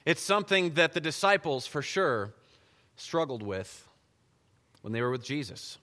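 Bright-toned preacher in an echoing church. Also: male voice, a little high, unhurried. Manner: conversational, animated, storytelling. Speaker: pastor. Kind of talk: sermon. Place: church sanctuary. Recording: long church reverb.

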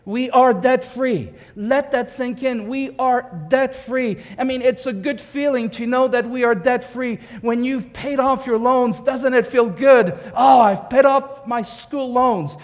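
In a large hall, a pastor with an extremely high voice preaches a sermon. He speaks emphatically, repeating key phrases and posing rhetorical questions.

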